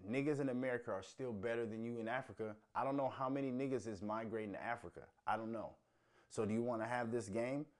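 A male host ranting on a commentary stream, heated and profane, swinging between loud outbursts and low mutters.

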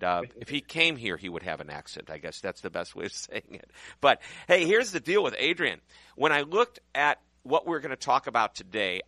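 A man hosting a business radio show, upbeat and excitable, joking with his guest. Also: on the low side, dry recording. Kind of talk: enthusiastic interview hosting.

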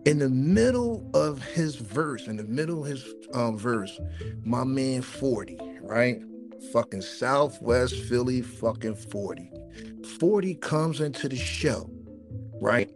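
A man, co-hosting a podcast and telling a long story in an animated way, repeating words and swearing freely. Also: mid-range voice, takes it slowly, over music. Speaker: podcast co-host. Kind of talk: casual storytelling chat.

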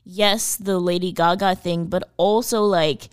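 A woman's voice: lowish voice, steady tone, measured pace, clear, resonant tone, no echo, studio quality. A woman co-hosting a podcast in casual chat, laughing often and swearing freely. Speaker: podcast co-host.

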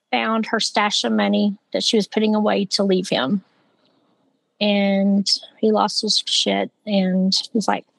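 Speaking as the victim's sister, a woman with a medium-pitched, creaky voice recounts a personal story of what happened. She's conversational and leans heavily on fillers like "like" and "you know." The recording is dry and low quality.

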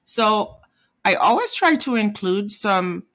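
An adult parent from Haiti, a native Haitian Creole speaker with a Haitian accent, teaches a casual video language lesson. His or her mid-range, slightly bright voice is expressive and slow. Patiently, the teacher repeats words and checks in with "okay?" and "right?"

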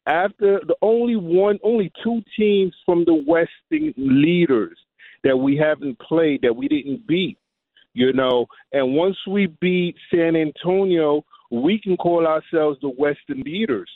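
A man's voice: on the high side, unhurried, no echo. A man calling into a sports radio show, talking confidently about his team. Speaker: caller. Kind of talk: casual sports chat on the radio. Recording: tinny phone line.

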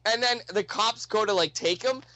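A young man telling a long, profane story in a casual, animated way. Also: high voice, moderate pace, poor audio.

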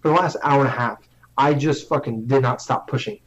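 A young man with a medium-pitched voice tells a long story at a brisk clip in loose, casual chat, cursing freely and mocking himself. His sentences stumble and restart as he rambles, and the recording is slightly dull and lo-fi.

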